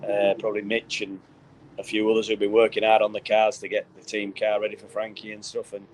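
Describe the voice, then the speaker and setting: A man's voice: lowish voice, monotone, a little fast, a little hiss or hum, rough recording. A man, a visiting speedway driver and father, talking earnestly in a casual interview and repeating points for emphasis.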